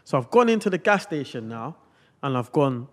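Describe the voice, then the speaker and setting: A man's voice: mid-range voice, very animated, normal speed. A young man, hosting a podcast and telling a long story in a casual, slang-heavy way. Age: young adult. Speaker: podcast host.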